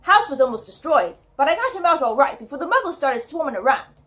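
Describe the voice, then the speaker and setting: A woman reading aloud and voicing a huge, gruff, tearful male giant with an attempted British accent. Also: high voice, sing-song, fast talker, a bit bright. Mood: earnest. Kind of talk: audiobook reading.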